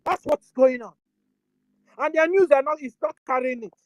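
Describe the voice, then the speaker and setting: A woman's voice: high voice, moderate pace, a little mellow, no room sound, rough recording. A woman with a Nigerian accent giving impassioned commentary as an activist, pleading and firing off rhetorical questions, at times switching into prayer.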